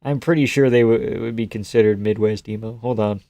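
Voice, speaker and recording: A man's voice: lowish voice, fairly even intonation, fairly quick, mellow, no room sound. Casual man chatting on a livestream. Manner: rambling, swears, reads chat aloud. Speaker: livestream host. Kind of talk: casual livestream chat reading comments.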